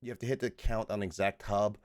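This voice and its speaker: A man streaming a board game with friends, reading the rules aloud haltingly and breaking off mid-word to restart. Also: fairly low pitch, steady tone, a little mellow, no room sound.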